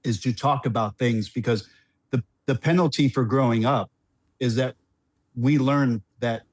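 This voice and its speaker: Middle-aged male guest, chatty storyteller, restarts and laughs a lot, mid-pitched, dry studio sound. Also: unhurried, no room sound. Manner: rambling and animated, with frequent restarts and laughs. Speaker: podcast guest, former NBA player. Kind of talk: casual storytelling on a podcast.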